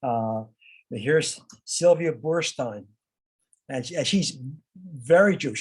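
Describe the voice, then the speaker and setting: A man's voice: on the high side, lively intonation, slow pace, slightly rough, poor audio. A man leading a discussion for a study group, speaking informally with many fillers and restarts, as if over a video call. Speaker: discussion leader.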